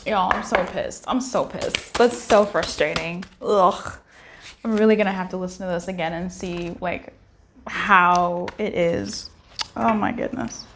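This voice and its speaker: A woman's voice: fairly low pitch, fairly even intonation, a little slow, fairly bright tone, a little hiss or hum. A young woman giving a casual tarot reading, candid and chatty, swearing and laughing as she talks straight to her viewers. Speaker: tarot reader.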